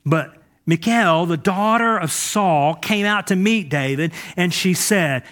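A male pastor preaching a sermon to a church, impassioned, moving between loud urging and hushed speech. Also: high voice, slow pace.

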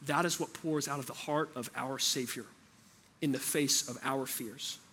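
A man's voice: mid-range voice, fairly even intonation, normal speed, sharp tone, a little hiss or hum. A man preaching a sermon as pastor, talking in a conversational way and asking the room rhetorical questions.

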